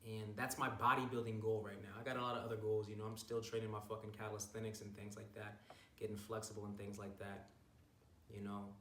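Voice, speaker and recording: A man's voice: fairly low pitch, level tone, a little fast, fairly bright tone. Hyped, profane young man vlogging from a distance. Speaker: bodybuilder vlogger. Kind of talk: casual recap vlog. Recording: roomy, distant from mic, faint noise.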